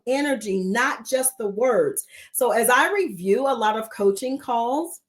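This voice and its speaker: A woman hosting a weekly live coaching talk, speaking in an expressive, emphatic way and repeating key words. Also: on the high side. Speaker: coach trainer, host of a weekly live show.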